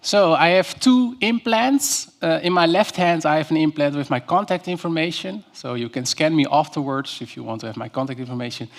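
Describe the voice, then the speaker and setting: A Dutch-born man in his 30s delivers a keynote in a university lecture hall, his voice on the high side, animated and brisk with few pauses. He tells stories and engages the audience by asking them questions.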